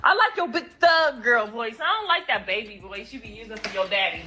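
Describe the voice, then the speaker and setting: A woman's voice: a little high, fairly quick, over loud music. A woman playfully teasing her small child in a casual clip. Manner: teasing, playful baby talk. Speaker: mother talking to her toddler. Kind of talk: playful social media clip.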